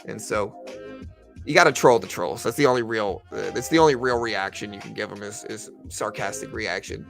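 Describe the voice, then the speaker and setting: A man's voice: on the low side, normal speed, creaky, faint music behind. A man giving rambling, casual live-stream commentary on trading, talking to his viewers with lots of fillers. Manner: rambling, conversational, full of fillers.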